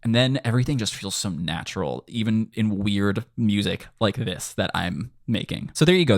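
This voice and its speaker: Low-voiced man teaching melody writing. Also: no echo, studio quality. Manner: enthusiastic, sings out words and syllables to show stress. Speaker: music composition teacher. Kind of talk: screen-share music tutorial.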